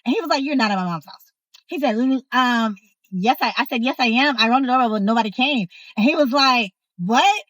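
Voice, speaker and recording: A young woman telling a personal story in a casual, sassy, animated way, speaking straight to her viewers. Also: fairly high pitch, fairly quick, no room sound, poor audio. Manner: animated, sassy, talks to the viewer, acts out others' voices. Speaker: storyteller host.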